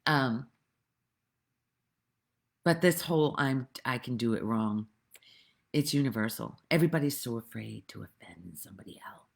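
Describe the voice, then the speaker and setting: A woman giving a rambling, earnest spiritual talk in a casual way, with sudden animated outbursts, recorded outdoors. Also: extremely low pitch, normal speed, vocal fry, long pauses. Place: outdoors with birds nearby.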